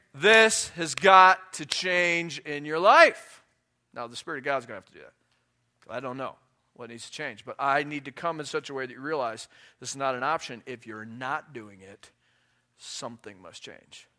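A man's voice: a little high, sharp tone. A man giving a sermon as a guest pastor in a church, conversational and joking, then emphatic.

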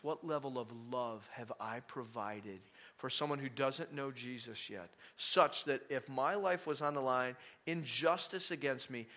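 A man preaching a sermon in an animated, conversational way, full of rhetorical questions to the congregation. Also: medium pitch.

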